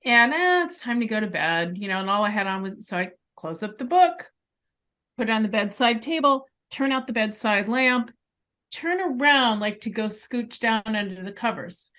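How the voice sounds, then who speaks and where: This is a woman with a somewhat high voice. She is a guest on an interview show, relating a personal experience from her home bedroom. She lands emphatic asides as she goes and keeps the story animated. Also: moderate pace. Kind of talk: storytelling in a conversation.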